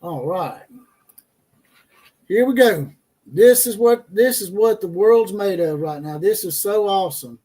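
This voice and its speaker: Brash, profane, high-voiced sports streamer. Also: male voice, expressive, slow, pauses often, mellow, breathy edge. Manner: brash, profane, mocking, laughs at his own jokes. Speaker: college football livestream host. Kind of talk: casual livestream commentary reading chat.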